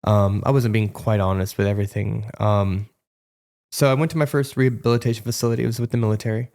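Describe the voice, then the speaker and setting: A man's voice: fairly low pitch, steady tone, fast talker, a little mellow. A man in his thirties giving a frank, conversational recovery testimony as an interview guest, often acting out remembered dialogue.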